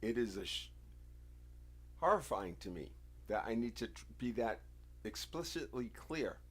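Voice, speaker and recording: A man from the United States speaks straight to his livestream audience in an insistent, lecturing monologue. He leans on his words with deliberate emphasis and a confrontational edge, his voice sitting at an ordinary mid pitch. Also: very animated, husky. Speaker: livestream host.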